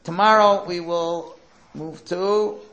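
A man's voice: sits high, steady tone, slow pace, a bit bright. A man teaching a Torah class, telling stories and asking rhetorical questions that he answers himself. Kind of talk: lecture with storytelling.

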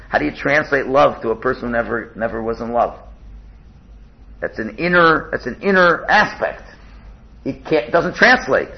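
A man leading a text-study lesson at a middle pitch, stumbling over restarts and repeated words. He stops to gloss Hebrew terms in English and tells stories to make a point. The recording sounds dull and lo-fi. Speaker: teacher of a religious text.

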